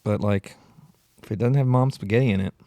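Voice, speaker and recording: A man's voice: on the low side, a little fast, dark tone, no room sound. A man hosting a solo comedy podcast, ranting in a rambling, profane way and often cutting himself off. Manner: rambling, profane, self-interrupting. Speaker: podcast host.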